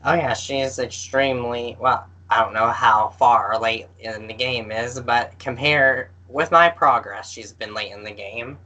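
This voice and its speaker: On a low-quality recording, a man co-hosting a podcast chats casually about games. His mid-range voice is bright and forceful with fairly even intonation, and he speaks slowly and hesitantly, full of fillers.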